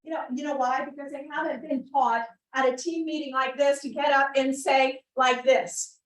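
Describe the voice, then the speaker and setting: A woman with a high voice coaches her real estate team in an animated way and acts out scenes as she talks. Her voice carries through an echoey meeting room, picked up from well away from the mic. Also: normal speed, hardly any pauses, recorded from a distance. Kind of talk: motivational team meeting talk.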